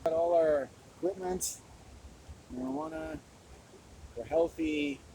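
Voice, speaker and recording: A man recording a rambling solo vlog outdoors on a handheld camera, drifting between small talk and absurd, dark deadpan jokes. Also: on the high side, slow, a little hiss or hum, poor audio. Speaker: vlogger. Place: outdoors in nature.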